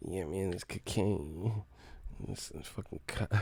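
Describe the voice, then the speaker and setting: A man's voice: sits low, measured pace, gravelly, warm tone, slightly rough. A young man hosting a live stream, casually swearing and mocking his chat in slangy talk.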